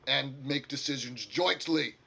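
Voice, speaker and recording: A man's voice: medium pitch, expressive, creaky, pushed and bright, slightly rough, full character voice. Man voicing a formal orc councilor. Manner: formal, measured. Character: stern orc guild councilor, middle-aged man.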